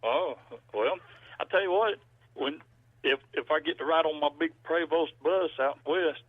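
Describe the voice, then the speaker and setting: A folksy man from Georgia, US, a musician guest, rambles through stories in a casual phone interview over a landline. His voice is fairly high and moderately paced, and the line sounds dry and tinny with no room sound.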